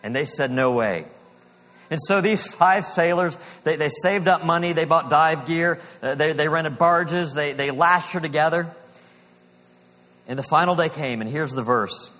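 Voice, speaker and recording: A man delivers a sermon from the pulpit, earnest and deliberate. His voice sits a little above the usual male range, and he slows down or sinks to a near-hush on the lines he wants to land. A long hall reverb rings after his words. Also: a little high. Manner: earnest preaching, slows for emphasis, drops to a hush on key lines. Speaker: pastor.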